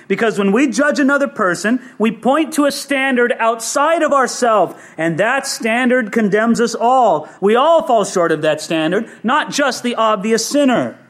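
A man preaching a sermon, acting out the voices he quotes, rising emphatic and dropping low.

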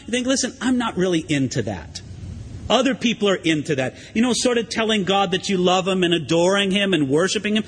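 A man preaching a sermon as pastor, in a conversational, animated way. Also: extremely high pitch. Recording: long hall reverb.

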